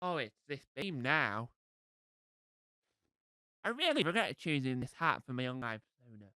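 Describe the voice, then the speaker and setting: A man's voice: mid-range voice, big pitch swings, normal speed, bright, forceful tone, dry recording, rough recording. A man with a cold doing a rambling, self-deprecating live stand-up set. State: has a cold. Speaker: stand-up comedian.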